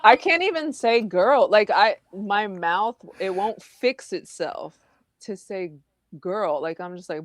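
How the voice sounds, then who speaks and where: A woman's voice: medium pitch, slow pace, no echo. A woman teacher, guest on a podcast, telling stories animatedly and acting out what people said. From Houston, Texas. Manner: animated storytelling, acts out quotes. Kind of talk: casual conversation.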